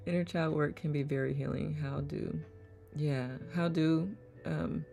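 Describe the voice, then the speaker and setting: A woman's voice: sits low, fairly even intonation, measured pace, gravelly, dark tone, slight background noise. A woman hosting a live online circle, reading comments aloud in a playful manner and laughing often. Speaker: host of online community circle. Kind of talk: casual live-stream chat reading comments.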